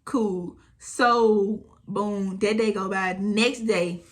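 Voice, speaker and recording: Young woman, 20s, casual storytime vlogger, animated and blunt. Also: mid-range voice, very slow. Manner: animated retelling, acting out quotes, frequent swearing.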